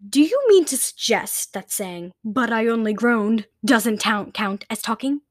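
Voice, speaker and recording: A woman's voice: on the high side, expressive, a little slow, no echo. A woman voicing a stern, intimidating female test proctor who barks commands, as she reads a story aloud. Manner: barking, commanding orders.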